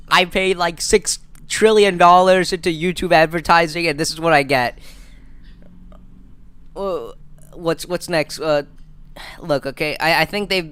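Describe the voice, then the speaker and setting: A man's voice: fairly high pitch, fairly bright tone, clean tone, no room sound. A man in his twenties hosting a live stream, rambling and stammering through casual jokes. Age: 20s. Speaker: livestream host.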